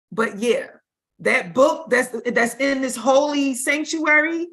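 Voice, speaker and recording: Bright-voiced woman teaching casually. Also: on the high side. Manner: informal, emphatic, repeats for stress; casual vernacular speech. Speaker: spiritual teacher. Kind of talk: livestream teaching talk.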